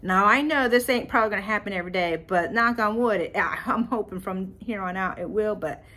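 Animated woman telling a faith story. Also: medium pitch, fairly quick. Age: adult parent. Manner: animated, emotional, talks to listeners directly. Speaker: podcast host.

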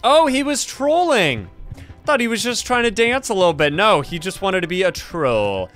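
A young man commentating a game with a high, bright voice that leaps up and down as he gets excited. He teases and trash-talks the other players, laughs a lot, and now and then shouts at them. Faint music plays behind him. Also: moderate pace. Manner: energetic, laughing, trash-talking teammates. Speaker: gaming YouTuber.

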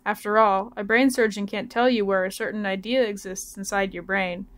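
A woman student reading a novel aloud in a steady, careful way. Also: mid-range voice, moderate pace. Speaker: student reader.

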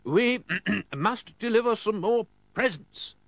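A man voicing a mysterious elderly Father Christmas, solemn and kind, speaking slowly and emphatically. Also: high-pitched, expressive, a bit bright, dry recording, pitched above the performer's own voice, exaggerated voice. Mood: hurried.

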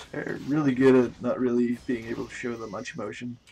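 A man's voice: medium pitch, mellow, slight background noise. A man from Denmark, a native Danish speaker with a Danish accent, chatting casually while streaming a game. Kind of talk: casual gaming chat.

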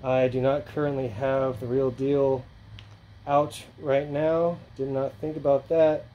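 A man's voice: medium pitch, flat delivery, slow, lo-fi sound, slight background noise. A man hosting his own channel, talking casually and rambling through an unboxing with lots of fillers and restarts. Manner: rambling, filler-heavy, offhand. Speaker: channel host.

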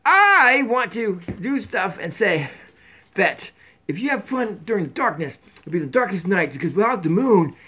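Rambling, jokey man with a lively voice. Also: sits high, husky. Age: 40s. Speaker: vlogger. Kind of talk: rambling comedy vlog. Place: downstairs home kitchen, on a barstool. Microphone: tablet camera mic.

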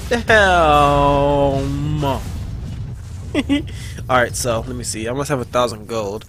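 A man's voice: mid-range voice, faint music behind. A man giving live, profane, easily frustrated commentary on his own gameplay. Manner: excitable, profane, quick to frustration. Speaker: gaming channel host.

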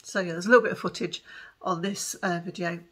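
A tired woman, chatting excitedly to camera in a home vlog and giggling often. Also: on the low side, fast, slightly rough. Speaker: vlogger. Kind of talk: casual chat to camera.

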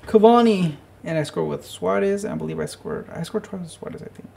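Young man, gaming commentary, swearing, gravelly fry, lively pitch swings. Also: fast. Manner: swearing, frustrated, muttering to himself. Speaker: gaming channel host. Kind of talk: live gameplay commentary.

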